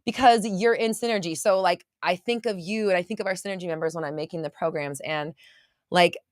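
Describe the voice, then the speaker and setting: A young woman hosting a mindset livestream, gushing and excitable as she chats to viewers and swears casually. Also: lowish voice, fairly quick, dry recording, clean studio sound.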